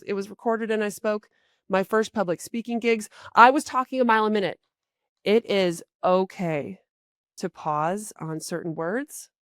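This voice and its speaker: A woman career coach hosting a podcast, giving casual advice in a chatty way with many fillers and sudden jumps in pitch and volume. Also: no echo, studio quality. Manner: animated, with big jumps in pitch and loudness; acts out short quoted exchanges.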